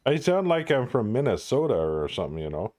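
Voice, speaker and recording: A man's voice: mid-range voice, very animated, brisk, a little mellow, a little hiss or hum. A man streaming a co-op mech game, joking crudely and laughing often. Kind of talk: casual joking game chat.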